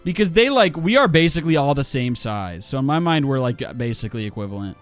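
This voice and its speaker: A man's voice: medium pitch, big pitch swings, quick pace, faint music behind. A man in his twenties ranting casually on a livestream while he plays a game, swearing a lot and full of fillers and restarts. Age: 20s.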